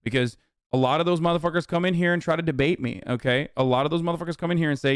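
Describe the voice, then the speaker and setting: A man's voice: on the high side, very fast, clean tone, dry recording, studio quality. A man hosting a livestream who rants with heavy swearing and sarcasm while reacting to chat messages. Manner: profane, heated, sarcastic. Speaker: livestream host. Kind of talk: ranting commentary, reacting to chat.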